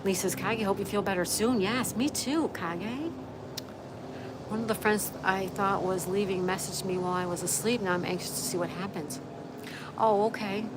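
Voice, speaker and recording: A woman's voice: mid-range voice, moderate pace, heavy background noise. A woman hosting a casual livestream outdoors, reading viewers' comments aloud and chatting back to them in a friendly way. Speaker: livestream host. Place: outdoors, with a view.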